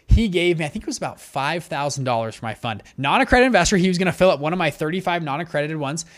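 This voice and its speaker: Higher-voiced man teaching at a whiteboard. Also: lively intonation. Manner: brisk, conversational, with frequent restarts. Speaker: fund manager teaching investors. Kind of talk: whiteboard lesson.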